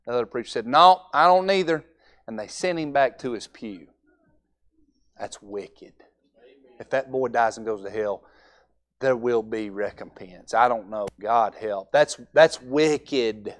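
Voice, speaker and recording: A man's voice: mid-range voice, unhurried. A young man preaching a Sunday evening sermon in a folksy way, acting out altar conversations.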